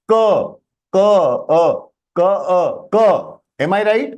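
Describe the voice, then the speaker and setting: A man with an Indian English accent teaching Sanskrit in an online class, explaining patiently and checking with students, slipping into Hindi phrases. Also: fairly high pitch. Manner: animated explaining, often checks with "Am I right?".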